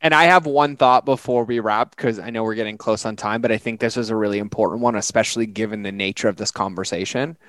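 A man in recovery chatting on a podcast, telling personal stories with lively acted-out quotes. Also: fairly low pitch, quick pace, few pauses, no echo. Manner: animated storyteller, acts out quotes. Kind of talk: casual conversation.

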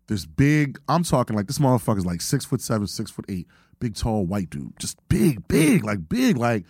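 A man's voice: medium pitch, very animated, moderate pace, gravelly, darkish tone, slightly rough, dry recording, clean studio sound. A man, hosting a podcast and telling stories in a laid-back, profane way. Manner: laid-back storyteller, swears freely. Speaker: podcast host. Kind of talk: casual profane chat.

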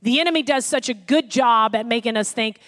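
A woman pastor delivers a sermon, lively and animated, acting out the voices of the people she quotes. Her voice sits high for a woman. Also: fairly quick.

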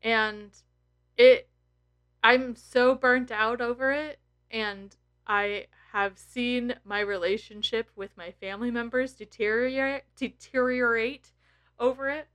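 A woman's voice: on the high side, fairly even intonation, slow pace, a bit bright. A woman in her thirties talking candidly and emotionally to her followers, blunt and full of swearing. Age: 30s. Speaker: tarot content creator. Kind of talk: candid personal vlog.

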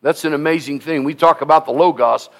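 A man preaching a sermon as pastor, emphatic and repetitive, rising at times to shouts. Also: fairly high pitch, a little fast, gravelly.

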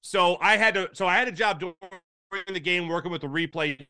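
A man from Philadelphia spins a backstage sports story with a bright, forceful voice that sits a little high for a man. He jumps up in pitch whenever he acts out someone else's lines. The room is dry, with the mic close. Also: brisk, clean tone, dry recording. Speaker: podcast guest, sports broadcaster. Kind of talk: casual storytelling chat.

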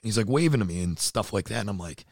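A man in his thirties with a hoarse, worn-out voice, talking in a casual, earnest and emotional way and swearing freely. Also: lowish voice, expressive, quick pace, no room sound, clean studio sound. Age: 30s. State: hoarse, voice nearly gone. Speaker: podcast co-host, CrossFit athlete. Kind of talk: casual chat.

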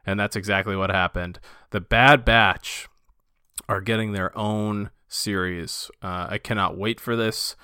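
A man's voice: fairly low pitch, steady tone, a little slow, sharp tone, clear, resonant tone, no echo, studio quality. A man co-hosting a casual fan podcast, enthusiastic and loose, with lots of fillers and restarts. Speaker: podcast co-host.

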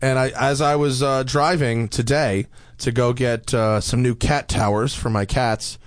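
A man's voice: mid-range voice, steady tone, unhurried, no echo, clean studio sound. A man hosting a car podcast, chatting loosely with profanity and jokes. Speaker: podcast host. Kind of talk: casual chat.

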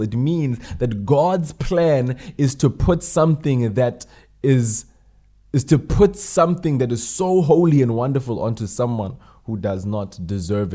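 Emphatic male preacher with a mellow voice. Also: mid-range voice. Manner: emphatic, repeats key phrases, asks rhetorical questions. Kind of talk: sermon.

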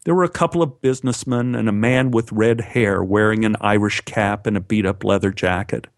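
A man's voice: a little fast, no echo. Dry, close male storyteller. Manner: animated, lifting his pitch for quoted dialogue. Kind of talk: first-person storytelling.

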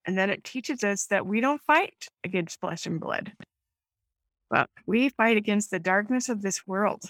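A woman's voice: medium pitch, measured pace, fairly bright tone, no room sound. A woman hosts a faith discussion over a video call. She affirms what others share and passes the turn to the next speaker. Her voice sounds close and dry. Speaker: host of a faith discussion group.

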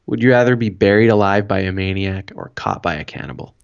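A man's voice: low voice, expressive, fairly quick, gravelly, smooth. A man with a Canadian accent co-hosting a podcast, laid-back with dry humor. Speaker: podcast co-host. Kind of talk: casual chat. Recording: dull lo-fi sound.

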